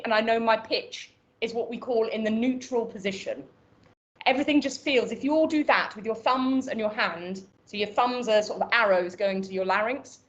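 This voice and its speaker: Irish woman, voice coach, higher voice, muffled call audio, instructive. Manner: instructive, demonstrates vocal exercises. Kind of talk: online voice coaching class.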